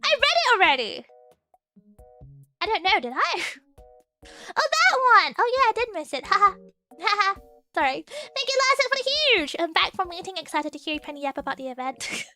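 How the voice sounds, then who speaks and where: A woman chatting casually with her live chat as a streamer host, giggly and excitable, laughing often as she talks. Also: extremely high pitch, moderate pace, soft background music.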